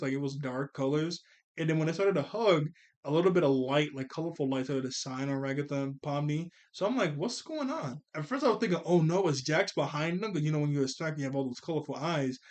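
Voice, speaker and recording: A man giving a casual spoken review of a cartoon, rambling with many fillers and restarts. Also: on the high side.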